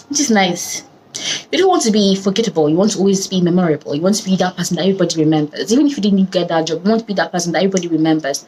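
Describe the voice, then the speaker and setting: Lively Nigerian woman telling a story. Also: fairly low pitch, low-quality recording. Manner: animated, laughing, mixes in Pidgin. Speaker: vlogger. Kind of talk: casual storytelling.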